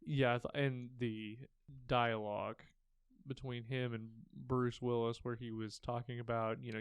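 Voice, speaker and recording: A young man talks casually on a podcast, his voice smooth and clear. The sound is dry and close, with no room echo. He rambles through scene recaps with easy fillers. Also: medium pitch, normal speed. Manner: relaxed, rambling retelling with fillers. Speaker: podcast co-host. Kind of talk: casual chat.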